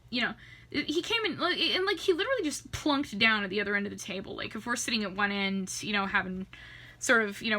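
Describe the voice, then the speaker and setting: A woman's voice: medium pitch, pushed and bright. A tipsy young woman, a makeup artist, telling a rambling, profane story in a casual way and laughing often. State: tipsy from drinking.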